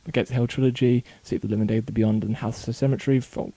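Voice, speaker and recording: Guy in his bedroom, super deep mellow voice, rattling through a list w little slip-ups. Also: steady tone, husky, no echo. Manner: rattles off titles quickly with small slips and self-corrections. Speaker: video blogger. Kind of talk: casual vlog, reading out a long list.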